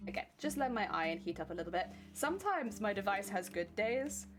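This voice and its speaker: A woman's voice: mid-range voice, very animated, brisk. A young British woman chatting casually on a live crafting stream, giggly and sleepy, thanking viewers by name. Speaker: cosplay streamer. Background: guitar music playing.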